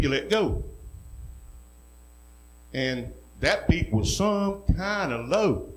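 A middle-aged man, a pastor preaching a sermon who tells folksy stories and builds to loud, rising preaching. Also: fairly high pitch, rough recording.

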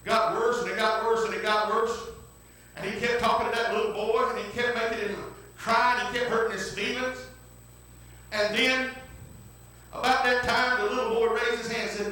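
Preacher guy telling a story in church, high bright voice, lots of amens, sounds far off and super echoey. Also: animated, moderate pace, a little hiss or hum. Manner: folksy, repetitive, punctuated with hallelujahs and amens. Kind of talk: storytelling sermon. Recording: very echoey room, distant mic.

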